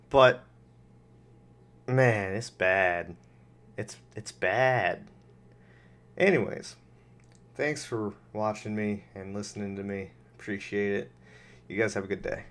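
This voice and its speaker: A man giving casual, sarcastic, exasperated commentary on a video clip. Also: lowish voice.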